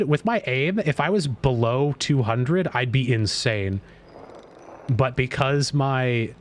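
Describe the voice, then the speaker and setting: Boastful, excitable and freely profane, a man chats casually during a live gaming stream. His pitch sits in the medium range, and a little hiss or hum is audible.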